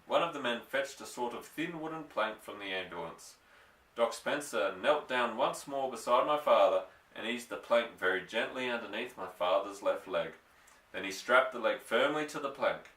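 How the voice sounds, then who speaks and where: A man's voice: medium pitch, expressive, normal speed, a bit bright, recorded from a distance. Man reading a bedtime story. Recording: echoey room, voice off-mic.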